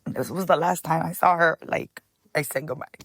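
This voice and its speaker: Woman chef guest, lowish voice, tells emotional stories, says honey a lot. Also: moderate pace, dry recording. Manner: lively, tells stories, calls the listener "honey", slips into Spanish phrases. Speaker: guest, chef and cookbook founder. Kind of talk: emotional personal storytelling.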